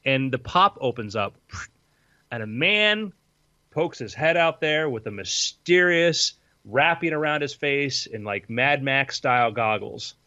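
A man narrating a tabletop game as game master, in a playful, lively way. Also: on the high side, unhurried, dry recording. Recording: dull lo-fi sound.

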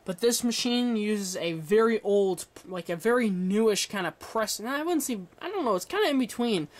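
A teenage young man casually walking through a rebuilt computer, rambling and correcting himself as he goes. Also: high-pitched. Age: teens. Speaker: hobbyist showing a rebuilt computer. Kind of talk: casual show-and-tell.

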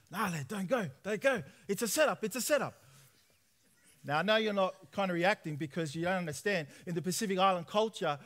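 A man, preaching a personal testimony sermon in lively storytelling style, acting out dialogue. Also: high-pitched. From Australia. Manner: animated storytelling, acts out dialogue with laughs.

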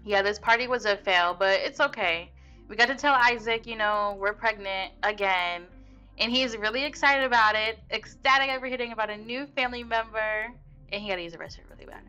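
A young woman hosts a Sims let's play, chatting in a slangy, casual way about her life-sim gameplay and laughing at what her characters get up to. Her voice is mid-range, bright and forceful.

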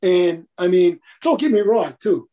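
A man's voice: high-pitched, measured pace. A man, a police officer guest, telling stories in a casual interview and animatedly acting out the people in them. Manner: animated, acts out voices in anecdotes.

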